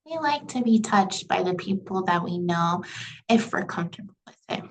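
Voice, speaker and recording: A woman's voice: lowish voice, expressive, normal speed, slight background noise, poor audio. A woman instructor giving a recorded lecture in a casual, conversational way, with lots of "you know" and "right".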